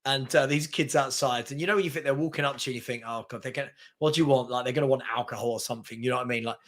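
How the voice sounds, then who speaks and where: Excitable man on a football podcast. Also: mid-range voice, racing. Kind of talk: casual chat.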